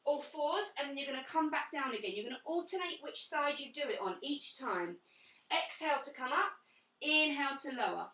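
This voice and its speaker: Leading live online pilates, this young woman counts breaths and gently corrects her participants, sometimes sounding out of breath. Her voice is high, bright and forceful, picked up from far off in an echoey room.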